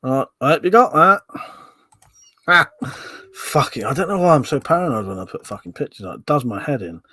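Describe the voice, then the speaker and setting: A man's voice: fairly high pitch, expressive, fairly quick, bright, forceful tone, husky, no room sound. A man hosting a casual livestream, reading out viewer comments and swearing freely as he chats. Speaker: livestream host.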